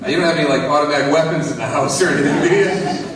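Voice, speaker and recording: A man's voice: fairly high pitch, very fast, a little hiss or hum, close to an everyday voice. Skeptical male neighbor put on by a man, hesitant, teasing, echoey hall, distant mic. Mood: doubtful. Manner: hesitant, full of uh and um.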